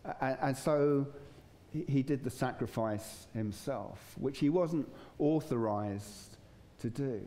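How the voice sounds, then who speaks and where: Male pastor, warm low-key sermon delivery, relaxed and chatty. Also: slow pace. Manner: conversational, chuckling, acts out voices in stories. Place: church.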